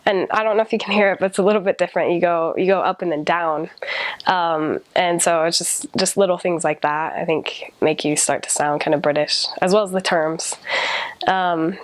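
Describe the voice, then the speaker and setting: A woman's voice: fairly low pitch, fairly even intonation, moderate pace, dry recording. A young American woman, a returned missionary, recalling her time abroad in casual chat, with many ums and restarts. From United States. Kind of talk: casual personal recollection.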